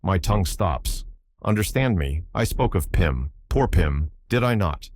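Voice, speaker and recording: A man voicing a hoarse, rough-spoken sailor who talks in halting, broken phrases and keeps begging to be understood. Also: sits low, lively intonation, darkish tone, slight background noise. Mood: insistent. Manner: repeats himself, pleads to be understood. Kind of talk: audiobook character voice.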